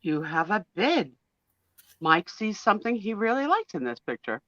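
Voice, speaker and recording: A woman's voice: medium pitch, very animated, moderate pace, a bit bright. A middle-aged woman co-hosting a live online sale, chatting bluntly and teasing in a casual way. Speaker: co-host on a live photo sale stream. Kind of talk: casual chat. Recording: dull, lo-fi sound.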